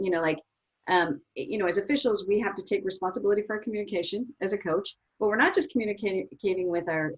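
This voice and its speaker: A woman's voice: mid-range voice, breathy edge, rough recording. A woman, a guest, talking in casual discussion and packing her speech with "you know" fillers. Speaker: guest on officiating.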